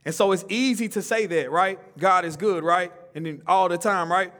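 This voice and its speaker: A man preaching a sermon, his voice sitting a little high for a man. He talks in a loose, conversational way and leads call-and-response with the congregation. His emphatic lines rise in pitch and volume, and his softer lines drop back down. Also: moderate pace. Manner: call-and-response preaching, rising emphatic then dropping soft; informal, conversational speech.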